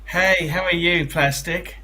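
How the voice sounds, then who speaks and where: Casting: male host, high and sharp-toned, eager, repeats himself. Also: steady tone, measured pace, rough recording. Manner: eager, repetitive, direct. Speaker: channel host. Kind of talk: casual call-in chat.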